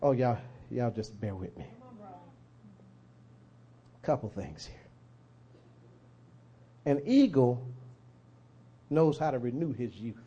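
A man preaching a sermon, telling a story with fervor and swelling to shouts. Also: mid-range voice, expressive, takes it slowly, long pauses, breathy edge, lo-fi sound.

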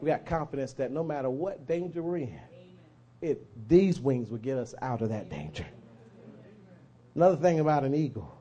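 A man preaching a sermon, telling a story with fervor and swelling to shouts. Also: medium pitch, animated, normal speed, dull audio.

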